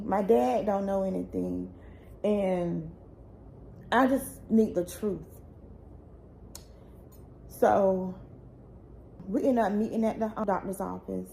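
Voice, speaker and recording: A woman's voice: mid-range voice, gravelly, dark tone, a little hiss or hum. Tearful young woman telling her story. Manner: tearful, raw and pleading, voice rising when upset. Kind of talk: emotional personal storytelling.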